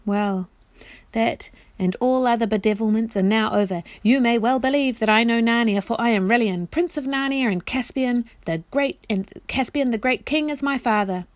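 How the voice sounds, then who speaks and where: A woman's voice: fairly high pitch, moderate pace, no echo, lightly acted. An enchanted knight prince played by a woman carries the scene with formal, old-fashioned royal speech. He sounds proud and commanding in a storybook reading. The sound is dry and close. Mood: delighted.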